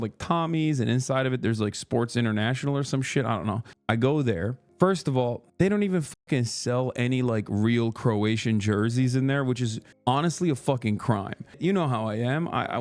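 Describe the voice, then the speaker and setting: A man livestreaming in casual chat, telling stories in a profane, animated way with lots of fillers. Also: mid-range voice, dry recording.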